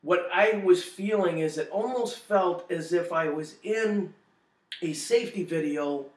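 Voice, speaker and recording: A man's voice: high-pitched, unhurried, roomy sound, distant mic. A man telling his personal testimony in an earnest, emotional way, with the story built up step by step. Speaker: testimony speaker.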